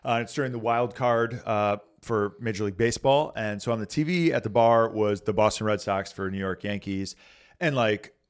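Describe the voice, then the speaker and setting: A man's voice: on the low side, normal speed, smooth. A man, a pastor, talking casually and earnestly on a podcast, telling stories with many filler words.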